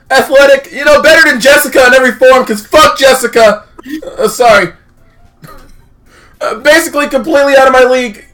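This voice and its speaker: Male streamer, very high bright voice, rambling comic narration. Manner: rambling, filler-heavy, jokey, self-interrupting. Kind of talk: comedic game read-through.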